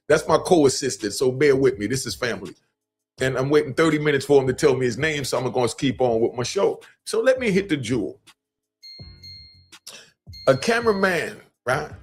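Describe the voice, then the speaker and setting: A man's voice: fairly high pitch, creaky. A middle-aged man hosting a live stream, giving street-wisdom commentary in a preachy way and repeating key lines for emphasis.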